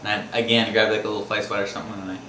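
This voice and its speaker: A man's voice: lowish voice, little pitch movement, rapid-fire, sharp tone. A man casually telling funny and scary stories from his life, rambling and laughing as he goes, acting out the screams. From Wisconsin, USA. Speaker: storyteller. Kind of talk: casual personal storytelling. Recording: echoey room with faint background noise.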